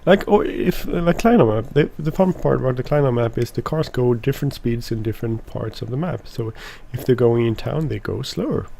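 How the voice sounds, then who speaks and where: Gravelly-voiced man narrating a farming game. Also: mid-range voice, expressive, a little fast, few pauses, mellow, slight background noise. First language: Swedish. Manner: rambling, many restarts and fillers. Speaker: let's play host. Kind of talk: casual gameplay commentary.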